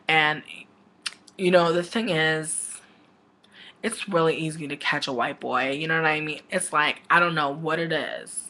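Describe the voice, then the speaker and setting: A livestream host spins a comic gossip tale, rambling and dramatic, with fillers and cursing all through it. The voice sits at a middle pitch and carries no marked coloring. It sounds like it was picked up on a plain webcam microphone. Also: a little slow, bright, forceful tone.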